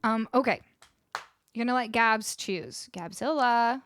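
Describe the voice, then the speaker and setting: A woman singer-songwriter chatting casually with her live viewers, bubbly and effusive and quick to laugh, on a close studio mic. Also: on the high side, loud music behind the voice. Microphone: close studio microphone.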